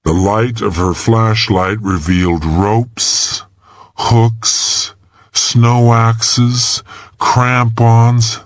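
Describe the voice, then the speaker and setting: A man reading a thriller audiobook in a measured, expressive narration. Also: on the low side, dry recording.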